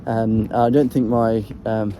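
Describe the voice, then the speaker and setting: A man's voice: lowish voice, little pitch movement, slow pace, noisy background. A man talking casually in a vlog about singing technique, hesitant and full of ums and restarts, breaking off to demonstrate throat sounds. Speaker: voice coach sharing singing tips.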